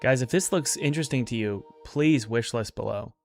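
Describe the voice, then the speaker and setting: A man's voice: medium pitch, normal speed, gravelly, darkish tone, soft background music. A man in casual livestream commentary, reviewing indie games in an upbeat, rambling way with many restarts.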